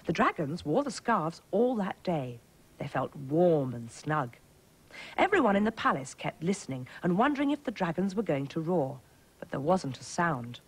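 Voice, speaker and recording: Female schools TV presenter, lower voice, lively storybook telling for small children. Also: moderate pace, poor audio. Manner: gentle, clear, sing-song storytelling. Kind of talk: storybook narration to young children.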